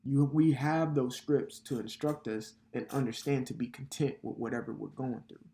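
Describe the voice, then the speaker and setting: A man's voice: medium pitch, steady tone, moderate pace, creaky, dark tone. A man teaching scripture in a loose, conversational way, with casual swearing and frequent filler tags like "okay" and "all right". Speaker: bible teacher. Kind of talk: casual sermon.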